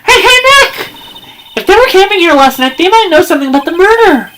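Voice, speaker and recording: A man doing a bubbly high young woman. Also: big pitch swings, brisk, sharp tone, a little hiss or hum, heavily acted, poor audio. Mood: excited. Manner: eager, bubbly. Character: chirpy excitable young woman sidekick. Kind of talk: amateur game fan dub.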